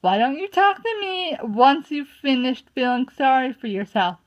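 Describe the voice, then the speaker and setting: A woman's voice: sits high, sing-song, moderate pace. A woman voicing a fiery, indignant young female apprentice cat in a fan storybook reading, on a muffled lo-fi recording. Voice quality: indignant, sharp.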